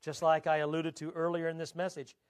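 A man preaching a sermon, emphatic, drawing out scripture quotes slowly and swinging his pitch up and down. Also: monotone. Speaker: pastor.

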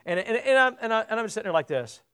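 A man's voice: sits high, very animated, fast talker, bright, forceful tone, clear, resonant tone. A man preaching a sermon as pastor, chatting with the congregation and putting questions to them. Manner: conversational, asks the congregation questions. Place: church sanctuary.

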